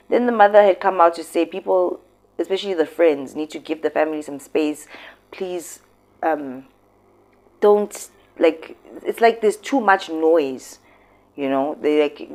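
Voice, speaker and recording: A woman's voice: fairly low pitch, moderate pace. A South African woman hosting casual commentary, talking expressively and emphatically. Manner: expressive, emphatic, switching into local words. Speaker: commentary host.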